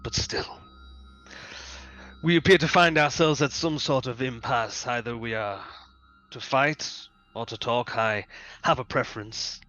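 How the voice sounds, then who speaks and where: A man playing a smiling male predator stranger who talks in a slow, formal and quietly menacing way during tabletop role-play. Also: medium pitch. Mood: coolly menacing. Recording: dull, muffled recording with faint music.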